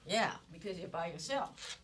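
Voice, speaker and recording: A woman's voice: lowish voice, lively intonation, moderate pace. A woman instructor giving a classroom economics lecture, explaining step by step and asking rhetorical questions. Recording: distant mic with noise and clicks.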